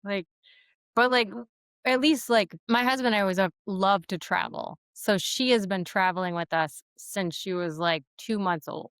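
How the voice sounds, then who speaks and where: Smooth-voiced mom host, dry close sound. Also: female voice, mid-range voice, moderate pace, few pauses, no echo. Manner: expressive, laughs a lot, acts out quotes. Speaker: podcast host. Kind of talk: casual conversational interview.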